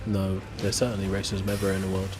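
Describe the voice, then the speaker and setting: A man's voice: sits low, completely flat delivery, very fast, background noise. An English man with a working-class accent, chatting casually while gaming and often asking "right?". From England. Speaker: streamer.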